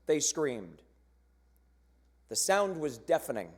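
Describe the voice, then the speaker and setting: A man with a fairly high voice reads scripted narration for a church cantata. He speaks slowly and solemnly, with a lively, rising-and-falling delivery and rhetorical questions. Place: church sanctuary during a choir performance.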